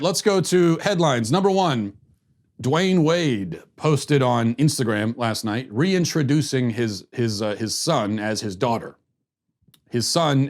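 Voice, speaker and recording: A man hosting a political commentary podcast, talking in a sarcastic, mocking way with frequent restarts and repeated words. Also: medium pitch. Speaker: host.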